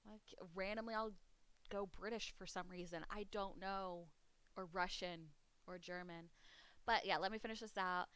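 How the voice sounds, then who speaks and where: Young woman streamer, rambling casual chat, clean smooth tone, home desk mic. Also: medium pitch, fairly even intonation, moderate pace, fairly bright tone, no room sound. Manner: rambling, chatty, swears casually. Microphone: desk mic at a home computer setup.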